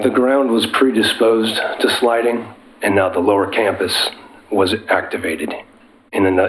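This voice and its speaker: Man, very low voice, gravelly, has a cold, technical presenter, faint background noise. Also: a bit bright, poor audio. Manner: explanatory, technical, some restarts. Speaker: geotechnical engineer presenting. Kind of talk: public meeting presentation.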